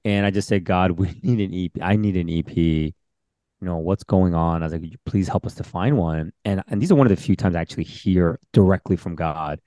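A senior pastor hosting a podcast interview tells a story casually, animatedly acting out the voices he quotes. His voice sits low and he speaks fairly quickly, recorded in clean studio sound with no room noise.

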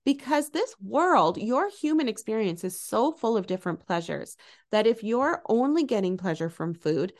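A middle-aged woman hosting a podcast as an eating coach, talking in a gentle, encouraging and animated way. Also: on the high side, moderate pace. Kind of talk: casual solo podcast talk.

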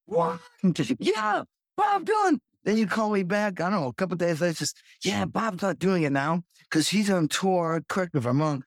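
A man hosting a casual chat, an animated storyteller who acts out quotes. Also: high voice, a little fast, few pauses, no echo, studio quality. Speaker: podcast host, drummer.

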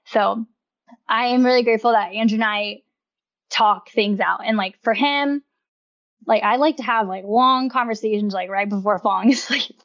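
A woman's voice: fairly high pitch, moderate pace, a bit bright. Chatty young woman, slightly muffled. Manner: chatty, laughs often, heavy use of "like". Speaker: podcast guest, wellness writer. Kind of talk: casual interview chat.

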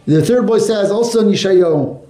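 Guy giving a torah class, high mellow voice, lively storytelling, echoey classroom. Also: a little fast. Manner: animated, asks the class questions, mixes Hebrew and Yiddish terms. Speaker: Torah teacher.

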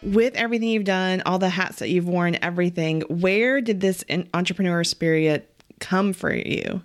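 A woman's voice: on the low side, moderate pace, faint music behind. A woman hosting an interview, asking questions in an encouraging way and laughing along with her guest. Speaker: interview host. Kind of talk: casual interview conversation.

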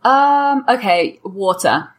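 A woman from England with an English accent softened by years abroad, a relaxed guest in a podcast interview who laughs easily. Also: a little high, takes it slowly. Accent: English, softened by years in Canada. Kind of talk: casual conversational interview.

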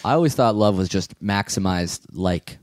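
A man in his thirties hosting a casual podcast chat, telling stories quickly and acting out what people say. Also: low voice, darkish tone, dry recording, clean studio sound. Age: 30s.

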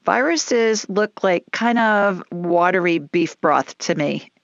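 A woman hosts a call-in show, easygoing and reassuring as she talks callers through their worries. Her voice sits low with a gravelly fry. The sound is dry and a little muffled. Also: animated, takes it slowly, no room sound. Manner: chatty, reassuring, folksy. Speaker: call-in show host, energy healer.

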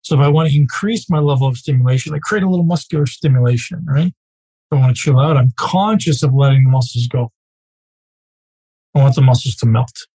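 A man teaching a live group as a coach, speaking casually and emphatically, often checking in with a quick "right?". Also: mid-range voice, mellow, slightly rough, low-quality recording.

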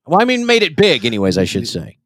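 Brief: lively male podcast co-host, profane and jokey, somewhat high voice. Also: no room sound, clean studio sound. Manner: crude, joking, animated, quick to laugh. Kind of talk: casual comedy podcast banter.

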